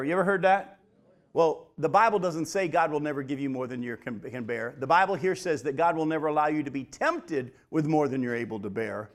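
Middle-aged male pastor, slightly high voice, emphatic sermon delivery. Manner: emphatic preaching, slows for key points, addresses folks directly.

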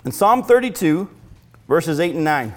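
Guy preaching a sermon, high voice, goes loud then real quiet and slow. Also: big pitch swings. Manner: dynamic preaching, swinging from loud to hushed, drawn-out phrases. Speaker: pastor.

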